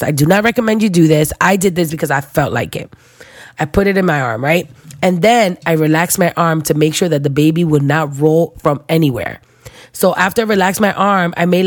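Young woman, low-pitched, dry close sound, animated storyteller who voices everyone in the tale. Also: dry recording. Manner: animated, acts out other people's voices, slangy. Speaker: new mother. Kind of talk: casual storytelling.

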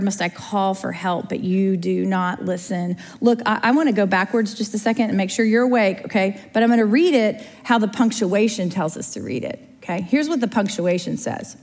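Her medium-pitched voice has a somewhat dark tone as she teaches Bible study conversationally, often pausing to check on those listening. The sound carries the lengthy reverb of a big room.

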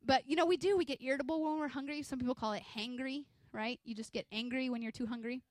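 A woman in her thirties preaches to her church in an energetic, conversational way, slipping into little acted-out scenes from home. Her voice sits a bit high, and the sound is dry and close, with no room echo. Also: fast. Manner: energetic, conversational, acts out quotes from home life. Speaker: pastor's wife preaching. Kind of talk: sermon.

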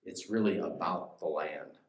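Male preacher, lowish voice, chatty sermon delivery, roomy echo. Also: a little slow. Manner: conversational, asks the listeners questions.

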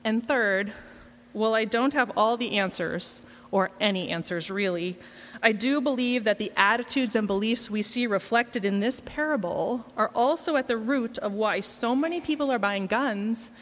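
A woman's voice: on the high side, moderate pace, fairly bright tone, big-room sound. A woman preaching a sermon in a conversational, wry, self-deprecating way. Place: church.

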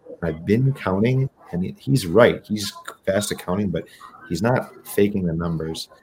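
A very deep-voiced man from New England tells a casual, profane story as a podcast guest. He acts out the quotes as he goes, with a faint hiss behind him. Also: moderate pace, a little mellow.

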